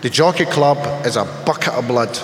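A man's voice: medium pitch, normal speed, fairly bright tone, a little hiss or hum. A man sharing his personal story at a recovery meeting, wry and self-mocking, with punchy comic timing. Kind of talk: humorous personal storytelling to an audience. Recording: echoey hall with faint ambience.

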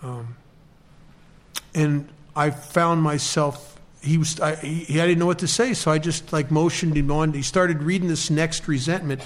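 A man with a slightly high voice tells a personal recovery story. He speaks in an earnest, halting way, often restarting his sentences. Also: fairly even intonation.

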